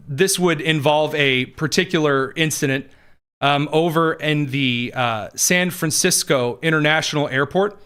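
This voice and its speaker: A man's voice: on the high side, a bit bright, smooth. A male podcast host delivering political news commentary in a sarcastic, conversational, digressive way.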